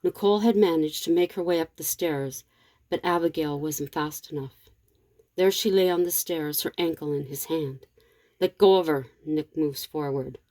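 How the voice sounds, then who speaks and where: A woman reading a story aloud as narrator in a steady, measured way. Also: deep voice, no echo.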